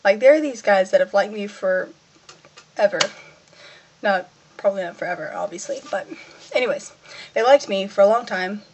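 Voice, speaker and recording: A woman's voice: normal speed, pauses often, noisy background. A teenage girl talking casually in a personal vlog, rambling and self-mocking, acting out what she and others said. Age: teens. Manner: rambling, self-mocking, acts out her own quotes in a higher voice. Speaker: vlogger.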